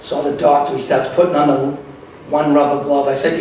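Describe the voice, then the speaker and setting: A man's voice: on the high side, flat delivery, a little fast, noisy background. A middle-aged man doing stand-up comedy, telling exaggerated stories and acting out his own lines. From Italian-American. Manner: exaggerated storytelling, acts out his own voice in quotes. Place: comedy club stage. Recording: echoey club recording from far off. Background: audience laughter.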